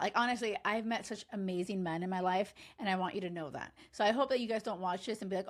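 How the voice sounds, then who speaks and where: A woman's voice: mid-range voice, fast talker, few pauses. A woman in her forties, a dating coach, giving an emphatic, chatty recap full of "like" and strong opinions. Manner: emphatic, gushing, frequent "like". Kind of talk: casual recap commentary.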